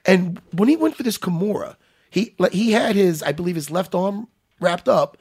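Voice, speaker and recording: A man co-hosting a casual talk show, excitable, swearing and laughing often. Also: high voice, moderate pace, breathy edge. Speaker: co-host. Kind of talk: casual chat.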